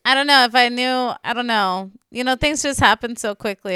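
A woman's voice: on the high side, moderate pace, hardly any pauses, bright, forceful tone, clear, resonant tone, no room sound, clean studio sound. A woman co-hosting a podcast, chatting casually in a slangy way and laughing easily. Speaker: podcast co-host. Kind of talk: casual chat.

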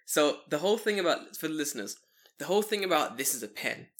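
A man's voice: on the high side, quick pace. A man co-hosting a casual podcast from a living room, talking in a loose, swearing, mocking way. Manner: swearing, animated, mocking impressions. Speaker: podcast co-host. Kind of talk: casual chat. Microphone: studio mic on a table.

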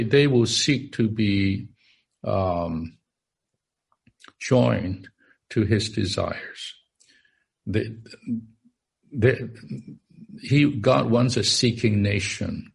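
Slow, gravelly-voiced man preaching. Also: lowish voice. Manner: halting, many fillers and repeated words. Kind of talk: sermon.

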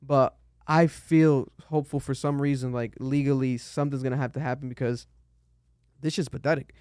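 A man hosts a podcast, riffing casually on the news with plenty of swearing. He gets animated and jumps way up in pitch whenever he mimics someone. The sound is close and dry, with little room around it. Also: moderate pace, dry recording. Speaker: podcast host.

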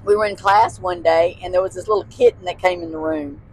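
A woman's voice: on the low side, fairly even intonation, a little fast, a little mellow, husky, low-quality recording. A woman, a guest telling childhood stories in casual chat, laughing often and using folksy phrasing. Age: 60s.

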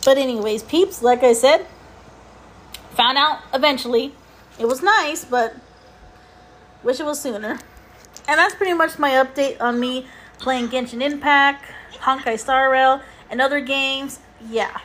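A woman's voice: high voice, moderate pace. A woman hosting her own podcast, rambling casually about mobile games, cursing freely, with exasperated asides. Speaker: podcast host.

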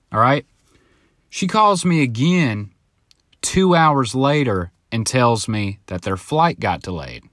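Rambling, swearing podcast host with a dry sound. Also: male voice, mid-range voice, very animated, takes it slowly, a bit bright, no echo. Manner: rambling storyteller, swears freely, acts out other voices in quotes. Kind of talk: casual solo podcast monologue. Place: home, now living in Southern California.

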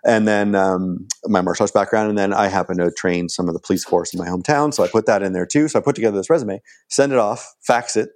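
A man in middle age tells a long personal story in a relaxed, rambling way. His voice sits fairly low, with lots of "like" and false starts, and he acts out what others said in a raised, lively voice. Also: fast, hardly any pauses. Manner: acts out quoted dialogue in a raised voice; rambling, full of "like" and restarts. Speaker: podcast guest. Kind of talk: casual storytelling.

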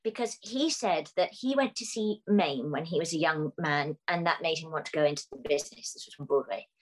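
Give me an animated middle-aged British woman recounting theatre stories. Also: sits low, brisk, low-quality recording. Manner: animated storyteller who laughs often. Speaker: musical theatre actress, guest. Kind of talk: casual anecdotal chat.

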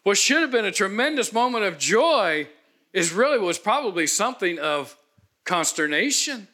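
Bright high-voiced male preacher. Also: very animated, moderate pace. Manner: dramatic, voices the angel with thunderous emphasis. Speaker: pastor. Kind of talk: sermon.

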